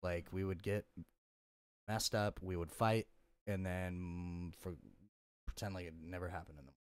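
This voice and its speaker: A man's voice: deep voice, level tone, moderate pace, clear, resonant tone, no room sound. A young man in casual podcast conversation, telling his story bluntly with lots of profanity and fillers. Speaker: podcast guest.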